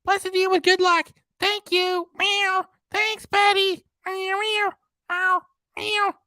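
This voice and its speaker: A livestream host putting on a high, sing-song voice for a cheerful cat mascot who meows and hands out good-luck blessings. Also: little pitch movement, slow pace, sharp tone, no room sound, studio quality, heavily acted. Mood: cheery, sing-song. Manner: sing-song meowing and thanking, drawn out.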